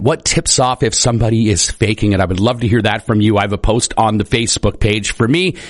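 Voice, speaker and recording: An upbeat man announcing on morning radio, chatty and friendly. His voice sits at a middling pitch and sounds close and dry in a studio. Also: no room sound. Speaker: radio morning show host.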